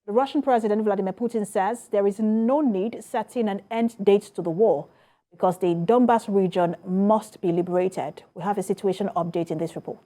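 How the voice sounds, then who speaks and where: A woman news anchor introducing a report in a steady, formal read. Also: mid-range voice, moderate pace.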